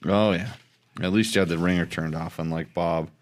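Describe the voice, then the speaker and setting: A man with a very low voice hosts a relaxed chat show. He rambles and trips over his words, restarting sentences often. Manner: rambling, halting, many restarts. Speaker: podcast host. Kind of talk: casual chat about motorcycles.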